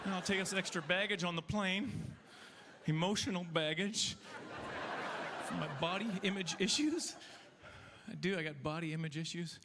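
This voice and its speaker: A man doing a stand-up comedy set on stage, telling self-mocking stories in an animated way. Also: high voice, normal speed, background noise. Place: comedy festival stage before a live audience.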